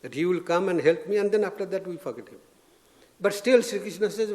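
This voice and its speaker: A man, a swami, giving an informal spiritual talk, gentle and anecdotal with frequent restarts. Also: fairly high pitch, lively intonation, moderate pace. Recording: long reverb of a lecture hall.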